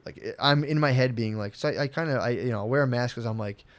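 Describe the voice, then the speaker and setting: A man co-hosting a podcast, rambling and swearing through animated casual chat. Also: mid-range voice, fast talker, no room sound. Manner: rambling, profane, animated storytelling. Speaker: podcast co-host.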